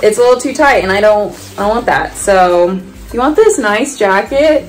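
A woman's voice: mid-range voice, lively intonation, normal speed, faint music behind, rough recording. A young woman from California chatting casually and playfully in her own vlog. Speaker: vlogger.

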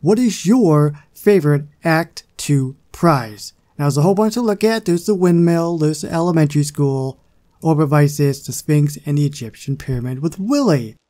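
A man's voice: a little high, animated, normal speed, dark tone. A man hosting a gaming channel, giving casual gameplay commentary in a chatty, self-deprecating way with muttered asides.

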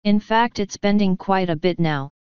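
A woman reading an audiobook, voicing a cheerful, plucky male rat who stays chirpy even when he is trapped. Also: medium pitch, normal speed, clear, resonant tone, no room sound, highs cut off, close to an everyday voice. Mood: cheery. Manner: chirpy, unbothered even in danger.

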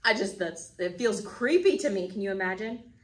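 Expressive woman telling a Bible story. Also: medium pitch, normal speed, recorded from a distance, low-quality recording. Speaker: children's ministry teacher. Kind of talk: Bible story told to children.

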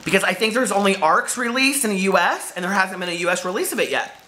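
A gushing, animated book vlogger woman. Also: mid-range voice, quick pace, background noise. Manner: gushing, excitable, exclaims often. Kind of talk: casual chat to camera.

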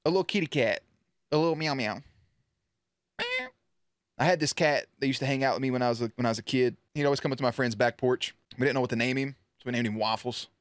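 A young man giving playful let's play commentary, excitable and baby-talking to the cats on screen. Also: mid-range voice, fast, dry recording. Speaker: gaming YouTuber.

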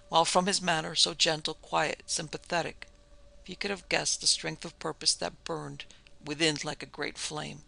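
Male narrator for a classic ghost story; measured, formal, very bright and gravelly. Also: on the high side, no room sound. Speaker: narrator and producer.

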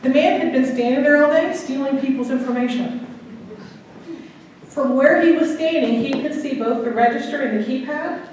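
Woman guest speaker, fairly high voice, anecdotal style, distant mic in a very echoey hall. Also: normal speed, darkish tone, a little hiss or hum. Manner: chatty, storytelling, checks in with the audience. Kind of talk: anecdotal talk to a club audience. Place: meeting room.

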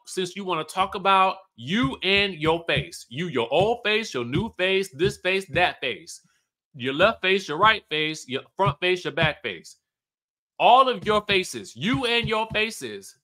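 A sharp-tongued woman rattles off mocking jabs in a rhythmic list, as a man quotes her while recapping a show. The voice stays fairly high and bright, with a forceful bite. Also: big pitch swings, fairly quick, hardly any pauses, exaggerated voice. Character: sharp-tongued woman hurling rapid-fire insults.

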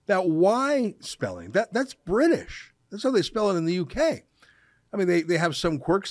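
A middle-aged man from Canada delivers opinion commentary from a studio in an emphatic, mocking tone, drawing out key words for effect. His voice sits a little high for a man and leaps up and down with lively pitch. The recording is dry and close, with no room sound. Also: no echo. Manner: sarcastic, emphatic, slows down to stress words. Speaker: show host.

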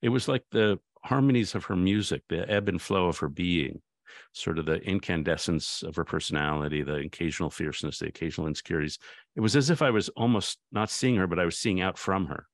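A man's voice: low voice, a little fast, no room sound, studio quality. A man, a guest author, in a reflective conversation, thoughtful and anecdotal, often restarting his sentences.

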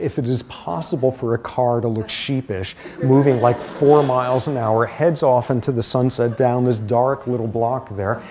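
Middle-aged male lecturer, mid-pitch voice, animated anecdotal delivery. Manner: animated storytelling with asides. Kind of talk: university lecture.

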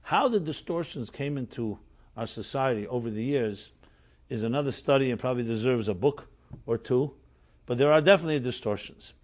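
Animated middle-aged rabbi lecturing. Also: male voice, mid-range voice, brisk. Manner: animated, storytelling with emphatic rises. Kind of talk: Torah class lecture.

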